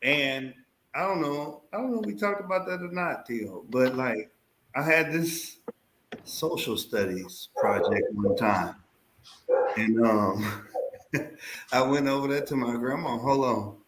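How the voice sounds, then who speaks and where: A man's voice: mid-range voice, slow pace, a little hiss or hum. A man in his forties telling stories on a casual podcast, with slang, swearing and lots of energy. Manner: animated, profane, street slang. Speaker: podcast co-host. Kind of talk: casual storytelling chat. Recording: echoey room.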